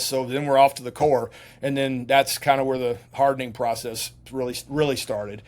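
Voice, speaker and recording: A man's voice: medium pitch, level tone, normal speed. A middle-aged man, a retired soldier, telling long rambling stories as a podcast guest, with many restarts and fillers. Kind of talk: casual storytelling.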